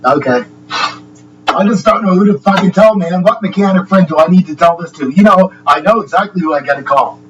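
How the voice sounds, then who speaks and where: A man's voice: sits high, brisk, far from the mic, muffled recording. A man chatting loosely on a livestream, swearing constantly and chuckling between sentences. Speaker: livestream host. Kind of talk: rambling casual chat. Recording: steady hum in the background.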